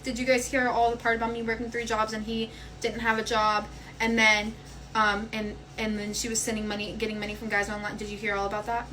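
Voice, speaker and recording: A young woman in her twenties casually telling a storytime vlog, animated and chatty as she retells what happened. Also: a little high, brisk, low-quality recording.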